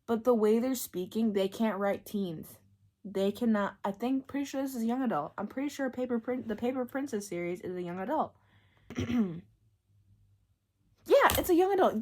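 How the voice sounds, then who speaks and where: A woman giving a casual book talk as a vlogger, ranting in an animated, exasperated way with lots of fillers and bursts of laughter. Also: sits high. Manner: breaks into laughter.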